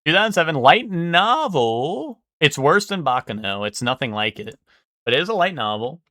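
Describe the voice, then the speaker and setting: A man's voice: on the high side, very animated, normal speed, pushed and bright, no echo, clean studio sound. A young man streaming live, thinking aloud and guessing in casual, swearing chatter.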